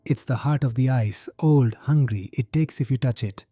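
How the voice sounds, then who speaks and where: A man voicing a grim, superstitious male Arctic guide, who speaks his warnings low and ominously. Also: moderate pace, warm tone, no room sound, studio quality, natural voice. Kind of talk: horror narration.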